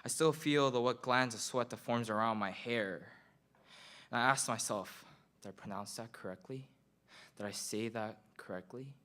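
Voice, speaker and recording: A young man with a Korean accent performs his own slam poem at a school event. His voice sits in a middle register and stays even, while he delivers the lines earnestly and repeats phrases for weight. The pace is measured and deliberate. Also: medium pitch. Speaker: student poet.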